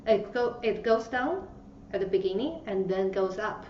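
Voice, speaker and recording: Woman language teacher, slow and patient, dull roomy recording with faint hiss. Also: medium pitch, animated, far from the mic. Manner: patient, demonstrates tones with exaggerated syllables. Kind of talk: slow instructional lesson.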